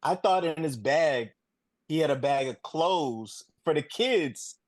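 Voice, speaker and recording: A guest on a casual movie podcast drops in short, easygoing remarks. The voice sits at a middle pitch and sounds dry and close, with little room around it. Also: animated, slow pace, dry recording. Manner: brief, easygoing interjections. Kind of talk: casual movie review chat.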